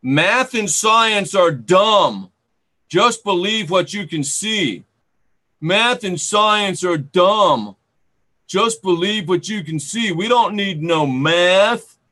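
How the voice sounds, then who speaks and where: A man putting on the voice of a dimwitted, stubborn man who is against science, talking slowly and loudly in a dopey mocking drawl. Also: high voice, expressive, pitched above the performer's own voice, heavily acted.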